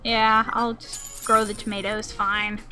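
A woman's voice: mid-range voice, flat delivery, measured pace, sharp tone, faint music behind. A young woman talking casually over her gameplay, chatty and easily exasperated, grumbling when things go wrong. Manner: chatty, sings to herself, turns exasperated and grumbling. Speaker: gaming channel host. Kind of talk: let's play commentary.

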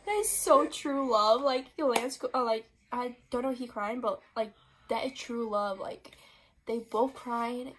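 A woman hosting a reaction video, chatting casually in a gushing, giggly, excitable way. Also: on the high side, a little hiss or hum.

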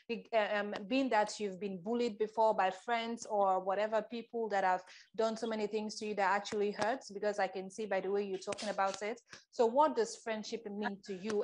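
A woman's voice: medium pitch, slight background noise. A woman interviewing a reality show applicant, asking friendly, probing questions. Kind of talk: audition interview.

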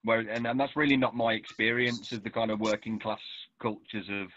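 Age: adult. Sex: man. Role: novelist in conversation. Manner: measured, restarts often. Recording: muffled, dry video-call sound. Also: fairly low pitch, steady tone, a bit bright, no echo. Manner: thoughtful, halting with restarts. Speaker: novelist and poet. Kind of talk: conversational author interview.

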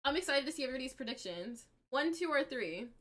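A young adult woman streaming a game live, chatting with viewers and reacting aloud in an excitable, chatty way. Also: high-pitched, fast talker.

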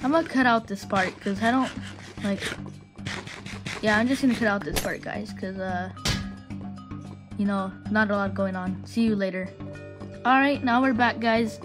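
Brief: woman hosting a gameplay voice-over, casual, rambling, foul-mouthed trash talk, loud game music under the voice. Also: medium pitch, normal speed, long pauses, low-quality recording. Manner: rambling, profane, trash-talking. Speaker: gaming channel host.

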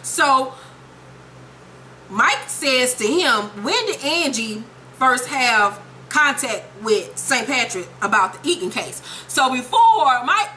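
Brash, bright-voiced woman recapping with profanity. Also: high voice, slight background noise. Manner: profane, animated, quotes characters in quick voices. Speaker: TV show recapper. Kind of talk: comedic episode recap.

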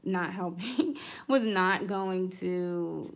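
A woman's voice: fairly low pitch, extremely slow, creaky. A woman vlogger chatting casually as she decorates a planner, rambling through a story with fillers and small asides. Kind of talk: casual storytelling while crafting.

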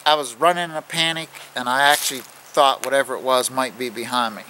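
A middle-aged man telling a true scary story in plain, casual speech, halting and restarting as he goes. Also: medium pitch, fairly even intonation, bright, forceful tone, slight background noise, poor audio. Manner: plain-spoken, halting with restarts, acting out growls. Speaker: outdoors channel host.

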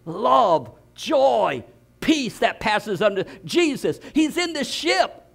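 An older man preaching a sermon, telling stories with bursts of shouting and laughter. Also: very high-pitched, big pitch swings, takes it slowly, gravelly. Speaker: pastor.

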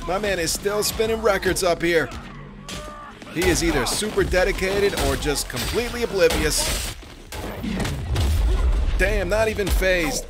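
A man's voice: high voice, expressive, unhurried, pauses often. A man giving let's play commentary, profane and joking, talking back to the characters on screen. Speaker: gaming commentator. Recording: music playing behind.

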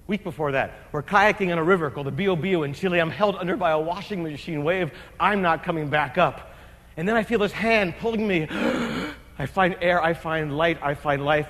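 Animated high-voiced man telling a story. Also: normal speed. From New Jersey. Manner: animated, comic storytelling with acted-out shouts and asides. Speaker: keynote speaker. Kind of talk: storytelling keynote speech. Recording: long hall reverb.

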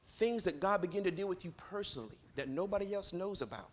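A man's voice: high voice, expressive, brisk, pushed and bright. A man pastor preaching a sermon in a church, loose and full of fillers, building to emphatic stretches. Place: church sanctuary.

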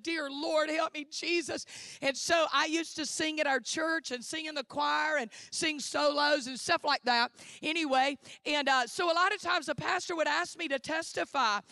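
Woman preacher, high-pitched, fervent church testimony. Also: pushed and bright, no room sound, studio quality. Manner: fervent, exclaiming hallelujah and amen. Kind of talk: sermon testimony.

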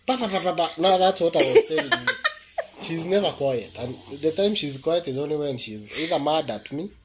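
A man's voice: a little high, very animated, brisk, a crowd in the background. A Kenyan man chatting casually and teasingly as a husband in a couple's vlog. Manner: joking, teasing, mixes in Swahili. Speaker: vlogger, husband. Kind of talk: casual chat.

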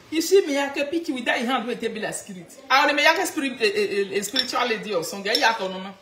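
A Nigerian woman ranting on a casual live stream, excitable and mocking, switching between pidgin and local phrases. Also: medium pitch, reverberant, slight background noise. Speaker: live-video gossip commentator.

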